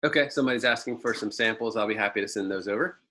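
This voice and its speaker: A man's voice: on the low side, very fast, sharp tone, poor audio. A man presenting a marketing webinar over a video call, telling a folksy story with lots of ums and uhs.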